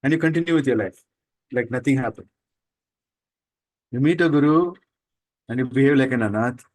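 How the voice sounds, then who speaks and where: A man's voice: medium pitch, darkish tone, rough recording. A man giving a spiritual talk to students, emphatic and full of rhetorical questions. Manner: mocks people with quick put-on voices. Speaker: spiritual teacher.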